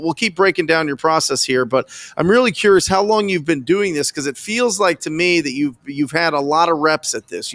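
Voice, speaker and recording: Dry, higher-pitched enthusiastic male host. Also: a bit bright, no echo. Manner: enthusiastic, praising, asks probing questions. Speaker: podcast host. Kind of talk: coaching interview.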